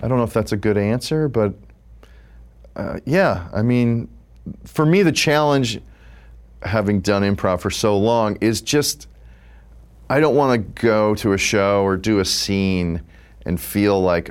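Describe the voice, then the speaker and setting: Unhurried and pausing often, an improv comedian in his fifties speaks in a clear, resonant voice on the low side. He rambles comfortably through a casual interview, dropping in "like" again and again.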